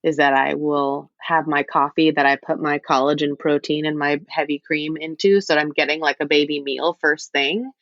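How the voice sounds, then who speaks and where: A woman's voice: deep voice, fairly even intonation, normal speed, hardly any pauses, no room sound. Frank woman on dull lo-fi audio. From United States. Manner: frank, rambling, self-deprecating asides. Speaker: podcast guest. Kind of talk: candid conversational interview.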